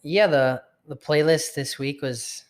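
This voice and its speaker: A man's voice: on the high side, slow. A man co-hosting a casual podcast, chiming in with dry, wry one-liners into a mic on a stand. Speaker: podcast co-host. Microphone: tabletop mic on a stand.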